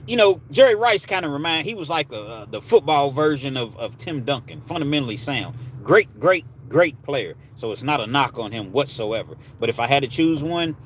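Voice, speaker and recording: A man's voice: fairly high pitch, slight background noise. A man hosting a live stream, chatting casually with viewers and telling stories in a laid-back way with street slang. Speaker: livestream host. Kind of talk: casual storytelling and chat with viewers.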